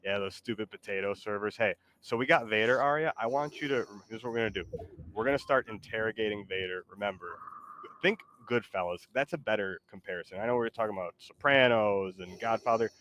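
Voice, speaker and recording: A man's voice: fairly low pitch, fast talker, a bit bright, a little hiss or hum. A man streaming, talking casually and coaxing his AI co-host in a rambling way. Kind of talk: casual live-stream talk.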